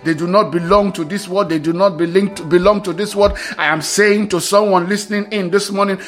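A man's voice: high voice, fairly even intonation, a little fast, a bit bright. A man preaching a sermon, reading scripture aloud and repeating key phrases with emphasis.

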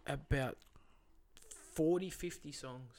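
A man's voice: fairly high pitch, slow, crowd noise. A man, a comedy rapper guest, telling stories in a laid-back, chuckling manner on a casual podcast. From Australia.

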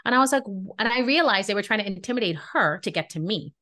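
A woman's voice: medium pitch, fast talker. A woman co-hosting a podcast, telling a story in casual chat and acting out the dialogue with indignation. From Brooklyn. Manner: animated, indignant, acts out dialogue. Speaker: podcast co-host.

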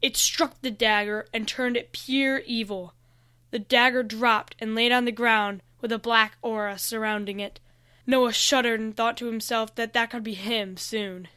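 A woman reading a fantasy story aloud with steady, even narration. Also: on the high side, a little slow, smooth, no room sound, clean studio sound. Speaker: reader.

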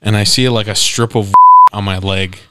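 A man's voice: lowish voice, steady tone, normal speed, very noisy. A man co-hosting a podcast, telling a profane story in casual chat with lots of acted-out quotes. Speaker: podcast co-host.

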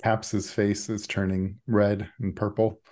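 A man's voice: fairly low pitch, little pitch movement, slow pace, dark tone. A man narrating as game master in a tabletop game, with a laid-back manner and mumbled asides.

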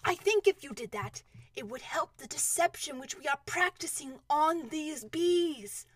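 Storybook teddy bear, a woman reading: high, thoughtful, ponderous. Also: expressive, measured pace, no room sound. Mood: eager. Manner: earnest and ponderous, with hesitant restarts. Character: gentle, earnest, slow-witted male teddy bear.

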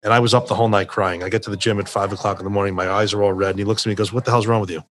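Lower-voiced man telling a candid story. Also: little pitch movement, a bit bright. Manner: emotional, candid, halting. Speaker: guest. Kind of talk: casual storytelling.

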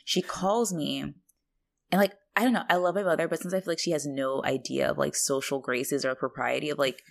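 Low-ish woman voice, chatty podcast co-host, swears a lot, tells stories animated. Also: brisk, creaky. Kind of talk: casual rewatch podcast chat.

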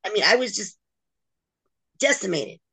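In an animated, mid-range voice that's gravelly, pushed and bright with a breathy edge, a middle-aged woman recounts a long personal ordeal as an interview guest. Her moderate-paced storytelling is frank and emotional, and she performs the words of others she quotes.

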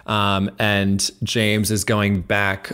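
A man's voice: lowish voice, completely flat delivery, very slow, a bit bright, smooth. A man co-hosting a casual music podcast, explaining his views at length with a few ums along the way. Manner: analytical, explains at length with fillers. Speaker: podcast co-host.

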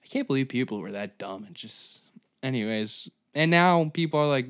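A man's voice: medium pitch, expressive, normal speed. A man hosting a comedy history podcast, telling the story in a crude, rambling way with sarcastic asides. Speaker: podcast host.

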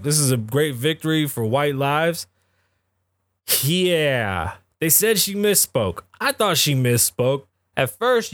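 Male podcast host, slightly raised pitch, dry close sound; swears freely and rambles through opinions on the news. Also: dry recording. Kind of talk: casual news commentary.

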